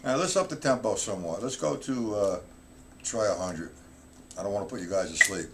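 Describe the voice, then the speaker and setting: A middle-aged man teaching a live-streamed drum lesson, counting rhythms aloud loud and slow between explanations. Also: lowish voice, expressive, background noise.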